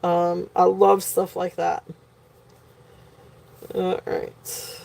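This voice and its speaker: A woman's voice: on the low side, flat delivery, extremely slow, vocal fry, warm tone. Woman, live auction host, selling jewelry from home, gushing, filler-heavy.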